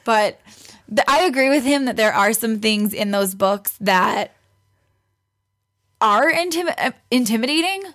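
A chatty young woman with a slightly high voice tells a story in a relaxed interview. She slips into the voices of the people she quotes and laughs easily as she goes. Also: a little slow, long pauses. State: pregnant. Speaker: guest. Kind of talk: casual storytelling.

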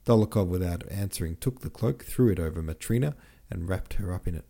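A man hosting an audiobook podcast, reading a classic novel in a steady, measured way. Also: deep voice, gravelly. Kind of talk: scripted narration of a classic novel.

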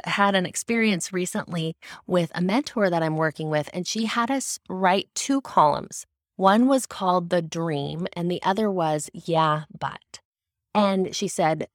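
A woman's voice: fairly low pitch, dry recording, clean studio sound. A woman giving an earnest, explanatory faith-based teaching talk. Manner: earnest, explanatory, with occasional restarts. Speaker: devotional speaker.

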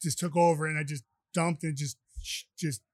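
A man's voice: on the high side, fairly even intonation, moderate pace, dry recording. A man, a podcast guest telling rambling stories with many restarts. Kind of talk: casual storytelling.

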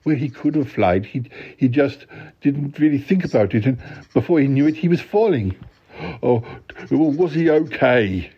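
A man hosting a podcast who tells a comic bedtime story in a deadpan, rambling way, full of halting restarts. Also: medium pitch, husky. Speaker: podcast host. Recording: dull lo-fi recording.

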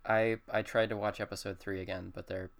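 A man with a very low voice talks casually on a podcast about running tabletop games. He is hesitant and halting, often restarting sentences with "uh" before finding his point. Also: flat delivery, vocal fry. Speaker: podcast co-host, game master. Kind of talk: casual chat.

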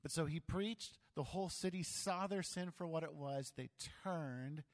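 A man preaching a sermon as pastor, animated, acting out voices and joking about himself. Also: a little high, moderate pace. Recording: long hall reverb.

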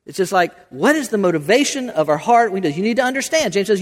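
A man's voice: sits high, expressive, fast talker. A man preaching a sermon as pastor, talking conversationally with frequent restarts and rhetorical questions. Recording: long hall reverb.

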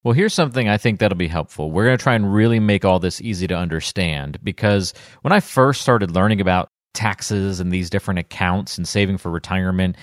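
Male podcast host, upbeat and chatty, lower register, dry close mic. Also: a little fast, hardly any pauses, dry recording. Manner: upbeat, chatty, laughs easily. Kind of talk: casual podcast chat.

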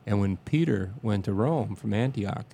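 A man reminiscing in a casual interview, speaking haltingly with many restarts and fillers and a reverent tone. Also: on the low side, animated, gravelly, dark tone, a little hiss or hum.

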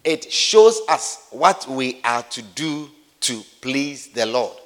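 A man's voice: medium pitch, lively intonation, slow pace. A male preacher giving a sermon who acts out everyday scenes and repeats key phrases for emphasis. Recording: long hall reverb.

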